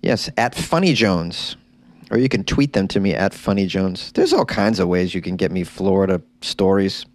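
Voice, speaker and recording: A man's voice: sits low, lively intonation, moderate pace, no echo. A man hosting a comedy podcast, riffing in a jokey, rambling, self-mocking monologue on a close mic.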